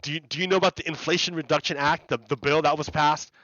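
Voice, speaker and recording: A man's voice: on the high side, fairly even intonation, fast talker, pushed and bright, no echo, muffled recording. A man chatting casually on a live game stream, rambling and repeating words as he explains ideas to his viewers. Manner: rambling, repeats words and restarts, laughs often.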